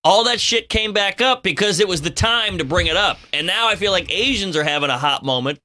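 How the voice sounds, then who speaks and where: A young male radio co-host making quick, chatty points. His voice is high and bright, with a sharp edge. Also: lively intonation. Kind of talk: casual radio talk.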